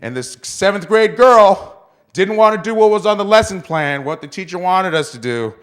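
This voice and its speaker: Lively high-voiced male stand-up comic. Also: normal speed. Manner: self-mocking punchlines. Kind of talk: stand-up set. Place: small club stage with live audience.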